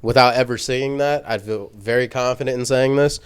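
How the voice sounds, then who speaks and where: A man's voice: mid-range voice, fairly even intonation, brisk, clean tone. A man co-hosting a podcast in casual chat, blunt and teasing, often acting out quoted lines. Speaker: podcast co-host.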